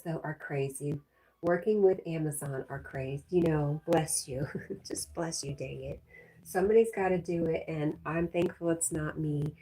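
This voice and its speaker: A chatty woman from Connecticut hosts a livestream, reading viewer comments aloud and laughing easily. Her voice sits a little low, with a relaxed, husky softness. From Connecticut, USA. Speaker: livestream host. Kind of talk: casual livestream chat.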